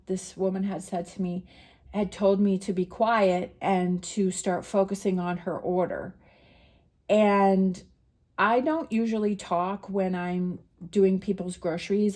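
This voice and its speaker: In a mid-range voice with a dark tone, a middle-aged tarot reader shares something personal, speaking casually and emotionally, wandering off track and restarting often.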